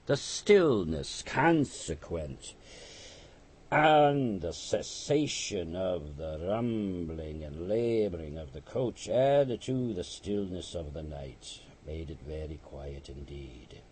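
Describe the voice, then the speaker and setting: A man narrating a classic novel as an audiobook, reading in an expressive, dramatic way. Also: deep voice, takes it slowly, slightly rough. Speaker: audiobook reader. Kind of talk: scripted narration.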